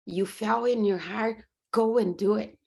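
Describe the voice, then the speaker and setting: Unhurried and gravelly at a medium pitch, a woman with a Brazilian Portuguese accent talks over a video call. The podcast guest, who works as a coach, tells earnest, faith-driven stories in a conversational interview, acting out her own reactions with animation.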